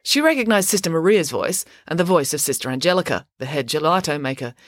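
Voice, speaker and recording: Expressive woman reading a storybook. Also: low-pitched, fast, no echo, studio quality. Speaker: audiobook narrator. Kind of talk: scripted storybook narration.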